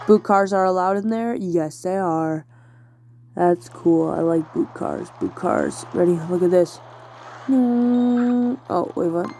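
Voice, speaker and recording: A woman narrates her own gameplay in a casual, rambling way, talking to herself and filling gaps with ums and likes. Her voice is warm and low. Quiet game music plays behind her. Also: fairly even intonation, a little slow, poor audio. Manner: thinks aloud, talking to herself with many fillers. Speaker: gamer playing a video game. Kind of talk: casual let's-play commentary.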